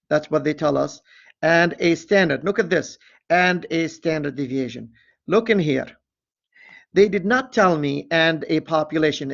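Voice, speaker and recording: A man's voice: on the high side, creaky, lo-fi sound. A man teaching a statistics lesson in a screen-recorded walkthrough, reading the problem aloud and correcting himself as he goes. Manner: deliberate, reads problem aloud, self-correcting asides.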